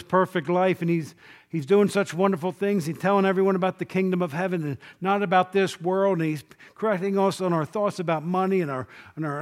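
A male preacher giving an informal Bible class sermon, talking conversationally, asking the class questions and acting out quotes, dropping to a low, quiet voice on key points.

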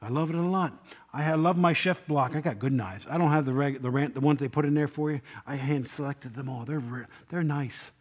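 Chatty male pastor, higher voice. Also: brisk. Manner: chatty, jokes and asks the congregation questions. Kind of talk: conversational sermon.

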